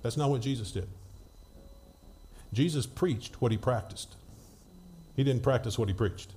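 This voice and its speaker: Mellow-voiced man preaching conversationally. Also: mid-range voice, unhurried, slight background noise. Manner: conversational storytelling with frequent restarts. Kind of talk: sermon.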